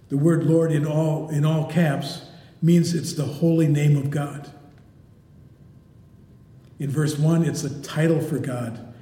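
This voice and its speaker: Man preaching in an echoey hall. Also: a little high. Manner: emphatic preaching, dropping to a hush on key words. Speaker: pastor. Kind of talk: sermon. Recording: echoey hall with long reverb.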